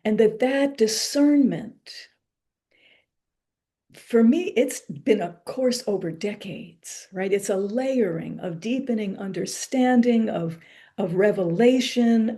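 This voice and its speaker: A woman author giving a reflective spiritual lecture, speaking in a slow, meditative way with pauses and soft asides. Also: fairly high pitch, husky.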